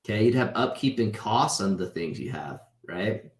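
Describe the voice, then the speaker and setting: A man's voice: on the low side, lively intonation, normal speed. A man in his thirties teaching a casual online class over a video call, talking conversationally and tagging his points with "right?". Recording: roomy echo.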